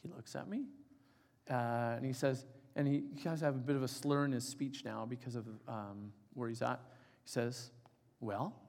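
A man's voice: medium pitch, normal speed, gravelly. Man in his forties preaching in a reverberant hall. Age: 40s. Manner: emotional storytelling, drops to soft quiet tones. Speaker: pastor. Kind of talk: sermon. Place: church hall.

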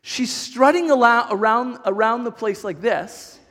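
A middle-aged male pastor with a notably high voice, telling stories from the pulpit in a lively, chatty way and often restarting his sentences. His voice rings out with a long reverb, as if it is filling a church hall. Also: a little slow. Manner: animated, chatty storytelling with many restarts. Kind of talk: storytelling sermon.

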